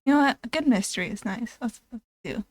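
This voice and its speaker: A woman's voice: on the high side, animated, fast talker, dry recording. A young woman streaming a browser game, chatting casually and reading its text aloud with frequent giggles and stumbles.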